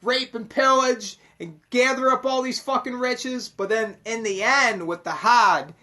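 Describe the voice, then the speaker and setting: Slow-talking, foul-mouthed man rambling. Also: extremely high pitch, bright, forceful tone. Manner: swears constantly, rambling and emphatic. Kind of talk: casual profane monologue explaining Kabbalah.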